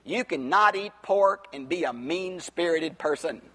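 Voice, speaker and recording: Preacher, male, high-pitched and impassioned, booming questions, long hall reverb. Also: lively intonation, a little slow. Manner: impassioned, rising to near-shouts on rhetorical questions. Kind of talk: expository Bible sermon.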